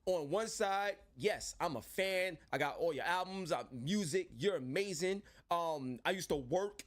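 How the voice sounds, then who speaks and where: A man hosting an interview in a fairly high voice. He talks with casual street energy, calling his guests bro and pushing the conversation forward. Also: unhurried. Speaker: host.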